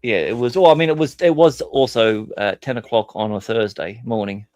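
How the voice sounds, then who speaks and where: A man chatting casually on a call with a streamer friend and making dry, deadpan jokes. His voice sits at a middle pitch and sounds dry and close. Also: a little fast, no room sound. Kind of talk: casual chat.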